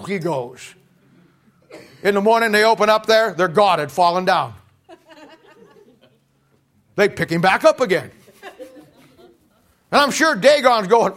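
Male preacher, high voice, animated sermon delivery with shouts and asides, conversational storytelling. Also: slow pace, pauses often. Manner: animated, swings from shouting to quiet asides, laughs at his own jokes.

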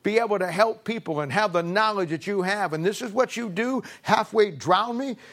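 A preacher voicing a stammering eager young apprentice. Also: male voice, mid-range voice, little pitch movement, moderate pace, lightly acted. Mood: furious. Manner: stammering, pleading then shouting in outrage. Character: eager young male apprentice, later furious.

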